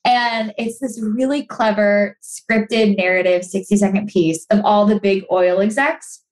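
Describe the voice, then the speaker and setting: A young adult woman talking casually as a podcast guest, animated and chatty, full of restarts and "like"s, sometimes acting out quoted voices. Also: medium pitch, measured pace. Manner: acts out quoted voices for emphasis. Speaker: podcast guest, sustainability creator. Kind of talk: casual interview chat.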